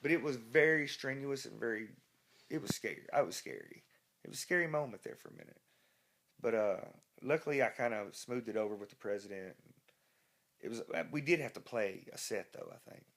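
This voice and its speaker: A man's voice: mid-range voice, big pitch swings, brisk, vocal fry, a bit bright. A man, a rock musician being interviewed, telling a rambling, profane anecdote full of restarts. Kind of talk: casual storytelling interview.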